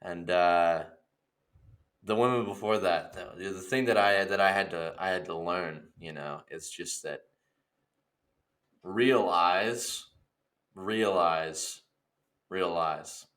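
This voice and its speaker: Bright-voiced man doing comedy improv. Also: low voice, moderate pace. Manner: playful, acts out characters, laughs often. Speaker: podcast co-host.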